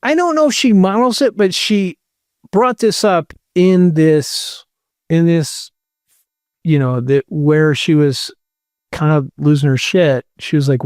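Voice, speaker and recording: A man's voice: fairly high pitch, slow pace, darkish tone, dry recording, studio quality. A middle-aged man casually telling a long personal story, rambling and swearing with lots of "like". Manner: rambling, swearing, many likes. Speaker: podcast host.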